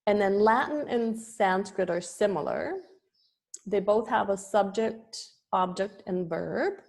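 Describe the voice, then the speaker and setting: A woman's voice: mid-range voice, takes it slowly, gravelly, darkish tone. A woman giving a presentation on yoga history, speaking with frequent ums and restarts. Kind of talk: slow spoken lecture with pauses.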